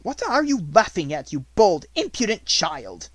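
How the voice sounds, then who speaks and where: A man voicing a stern, harsh schoolmistress, scolding a pupil in shrill outrage, in an audiobook reading. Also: wildly swooping pitch, extremely slow, dark tone, no echo, full character voice.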